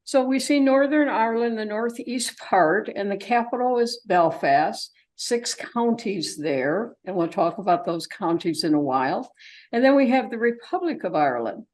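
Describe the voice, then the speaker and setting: A woman's voice: mid-range voice, animated, normal speed, darkish tone, rough recording. An older woman presenting a travelogue to a group in a chatty, rambling way, with many fillers and asides. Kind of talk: informal slide presentation to a group.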